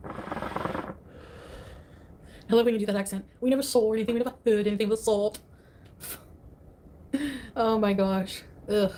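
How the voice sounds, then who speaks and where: A woman's voice: medium pitch, steady tone, moderate pace, pauses often, noisy background. A woman chatting casually on a livestream, dismissive and scoffing as she talks.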